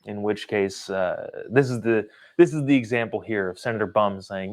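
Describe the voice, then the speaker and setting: A man's voice: lowish voice, normal speed, hardly any pauses, a little mellow. A man hosting a political commentary show, talking in an opinionated, sarcastic way. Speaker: host.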